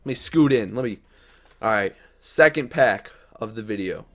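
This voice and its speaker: A young man doing live-stream commentary while opening game card packs, hyped and talking to the player cards, dropping to mutters and then jumping to yells. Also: on the low side, animated, moderate pace.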